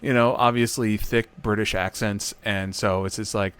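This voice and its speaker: Relaxed male co-host, lowish voice, easygoing and precise about details. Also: normal speed, few pauses, clean tone, no room sound. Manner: laid-back, reminiscing, corrects details. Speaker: podcast co-host. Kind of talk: casual chat.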